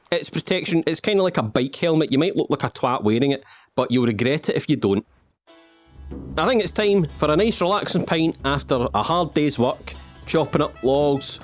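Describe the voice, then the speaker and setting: A man's voice: medium pitch, dry recording. A Scottish man hosting a let's-play, rambling in self-mocking jokes and asides to the viewer while he plays. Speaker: gaming channel host. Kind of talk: playful let's-play commentary.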